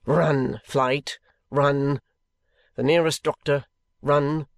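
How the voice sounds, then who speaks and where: A man voicing a furtive, sly old male shopkeeper who talks in a hoarse whisper. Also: on the high side, level tone, very slow, no room sound, full character voice. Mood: urgent.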